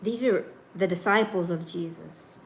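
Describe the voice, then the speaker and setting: A woman preaching a sermon, reading scripture and then explaining it in a slow, emphatic, informal way. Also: fairly low pitch, vocal fry, slight background noise.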